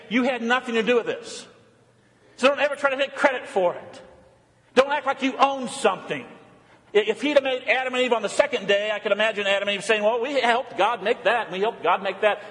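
Male pastor, high register, animated sermon delivery with big swings up and down, recorded in a reverberant church. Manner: animated preaching, rising pitch for emphasis and dropping low and soft for reflection. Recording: long hall reverb.

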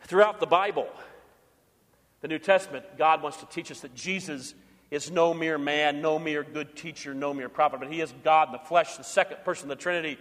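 A man's voice: on the high side, fairly quick, fairly bright tone. Emphatic preacher man in an echoey hall. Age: older. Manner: emphatic, repeats key phrases. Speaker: pastor. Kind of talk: sermon.

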